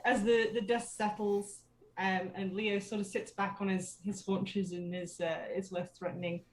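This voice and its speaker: A woman's voice: medium pitch, little pitch movement, normal speed, roomy sound, a little hiss or hum, low-quality recording. A woman narrating as dungeon master in a tabletop game, hesitant with many fillers.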